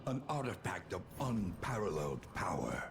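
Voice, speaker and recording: A grave, ominous game narrator. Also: male voice, low-pitched, sing-song, moderate pace, creaky, heavily acted. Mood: foreboding. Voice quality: grave, portentous delivery. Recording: game audio with loud music.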